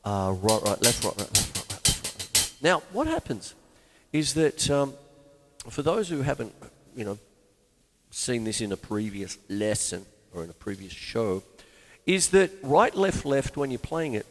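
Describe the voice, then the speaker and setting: A man's voice: lowish voice, expressive, moderate pace, noisy background. A man hosting a live drum lesson, talking through sticking patterns while he plays. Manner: rambling, explains sticking patterns aloud. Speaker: drum teacher and show host. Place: room with a drum kit. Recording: long reverb, faint music behind.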